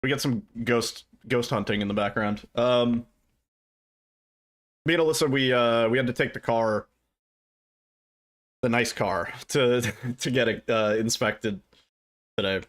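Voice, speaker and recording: A man, streaming from his desk at home and chatting with his viewers in a relaxed way. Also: medium pitch, measured pace, pauses often. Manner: laid-back, chuckling, greets chat by name. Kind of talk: casual livestream chat with viewers.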